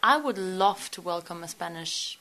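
Chatty young woman, lowish voice. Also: animated, normal speed, crowd noise. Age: young adult. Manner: chatty, lots of "like". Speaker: interviewee. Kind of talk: casual chat.

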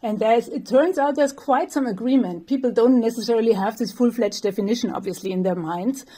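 A woman's voice: a little high, brisk, dark tone, husky. A woman professor, answering interview questions thoughtfully, with light laughs and some fillers. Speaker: developmental psychology professor, guest.

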